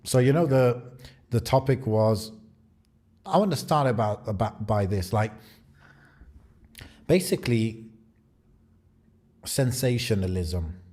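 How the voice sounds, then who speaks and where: A man's voice: fairly low pitch, expressive, takes it slowly, long pauses, a little mellow. A man with a British accent chatting casually on a podcast, rambling and thinking aloud with many fillers. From Britain. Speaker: podcast co-host.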